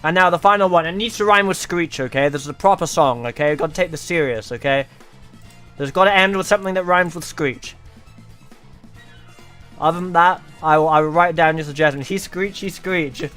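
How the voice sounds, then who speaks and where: A man's voice: a little high, fairly quick, a bit bright, clean tone, soft background music. A man streaming live, chatting playfully with his viewers and often breaking into laughter. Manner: playful, giggly, addresses chat. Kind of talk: casual live-stream chat.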